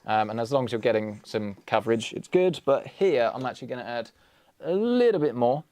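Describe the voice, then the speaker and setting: A man's voice: mid-range voice, expressive, a little fast, a little mellow, dry recording. Chatty British man, dry close sound. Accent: British English. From England. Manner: joking, self-deprecating, chatty asides. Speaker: PC build livestream host. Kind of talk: casual livestream chat while building.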